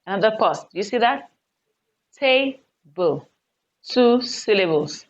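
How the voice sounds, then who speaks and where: A woman teaching an online lesson. She speaks deliberately and repeats words for emphasis. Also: mid-range voice, animated. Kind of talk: recorded online English lesson. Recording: dull lo-fi recording.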